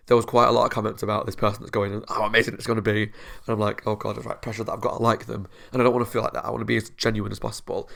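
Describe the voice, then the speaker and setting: Young male reaction host, low gravelly voice, earnest and rambling, talks to viewers from home. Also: fairly bright tone. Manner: earnest, rambling, laughs often. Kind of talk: casual chat to viewers.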